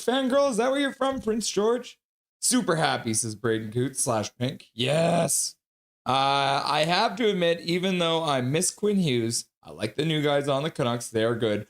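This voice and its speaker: A man's voice: fairly high pitch, fairly bright tone. A man hosting a live hockey stream, chatty and laughing often as he reads out viewers' messages. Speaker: hockey stream host reading chat. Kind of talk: casual live-stream chat.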